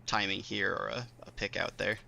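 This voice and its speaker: A man's voice: fairly low pitch, fairly even intonation, moderate pace, creaky, sharp tone, slight background noise. A man casting an esports match, breaking down rounds and reading out stats in casual analytical chat. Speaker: esports caster. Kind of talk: analysis commentary.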